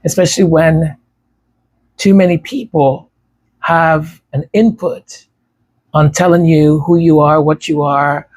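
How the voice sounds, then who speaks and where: A music creator chats casually with his supporters in a fairly high, slightly mellow male voice. He has a stutter and a tongue tie, so he repeats words and some sounds are hard for him to pronounce.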